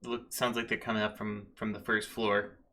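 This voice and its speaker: A man's voice: lowish voice, little pitch movement, moderate pace, pushed and bright. A man narrating as game master of a tabletop game, with loose narration full of fillers.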